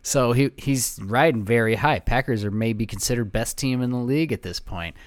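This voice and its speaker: A man's voice: mid-range voice, normal speed, no room sound. A man co-hosting a casual sports chat, telling his side in a laid-back, chatty way. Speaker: podcast co-host.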